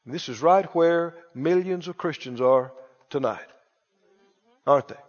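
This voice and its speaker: A man preaching a sermon in an animated, emphatic way, repeating his key lines for stress. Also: on the high side, a little slow, long pauses. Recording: long church reverb, dull lo-fi sound.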